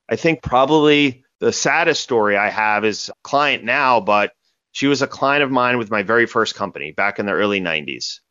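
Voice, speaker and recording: A man from a cybersecurity company, guesting on a podcast, answers interview questions by telling stories animatedly and tagging points with "right?". His voice is fairly low, sharp, clear and resonant, on dull lo-fi dry audio.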